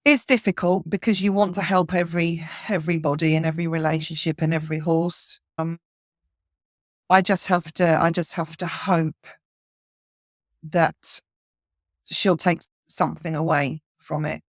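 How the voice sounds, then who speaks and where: A woman's voice: sits low, steady tone, normal speed, no echo, clean studio sound. A woman being interviewed as a horse communicator, speaking earnestly with frequent restarts. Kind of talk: casual interview chat.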